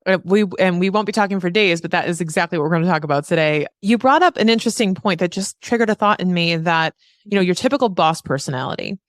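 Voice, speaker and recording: A woman's voice: lowish voice, fast, no echo, clean studio sound. A woman hosting a podcast interview who chats in an upbeat, casual way with her guest. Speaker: podcast host.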